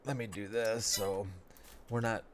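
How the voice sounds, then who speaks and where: A man, sounding stuffed up, giving relaxed, rambling commentary over a game as a let's play host, talking half to himself with folksy phrases. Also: on the low side, unhurried, slight background noise. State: stuffed up nose. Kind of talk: casual gameplay commentary.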